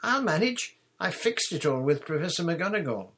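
A man reading aloud, voicing a bossy, clever teenage schoolgirl in a brisk, prim, raised voice. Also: on the high side, very animated, pushed and bright, voice pushed up, exaggerated voice. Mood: eager.

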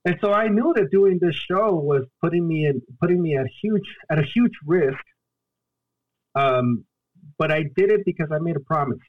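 A young man from Guatemala, a storyteller and solo performer, telling his own story as a podcast guest in an earnest, halting way. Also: a little high, lively intonation, no echo, narrow, tinny audio. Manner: earnest, halting, acts out his own past pleas and quotes. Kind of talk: emotional personal storytelling in a podcast interview.

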